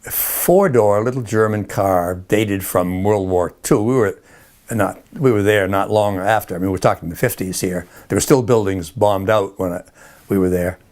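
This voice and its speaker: A man's voice: on the low side, moderate pace, a little mellow. An older man being interviewed, rambling through old army stories with frequent chuckles and restarts. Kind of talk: oral history interview.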